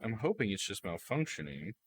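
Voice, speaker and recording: A man's voice: lowish voice, sing-song, brisk, a little hiss or hum. A man live-streaming a game, chatting with viewers and reading the game's text aloud.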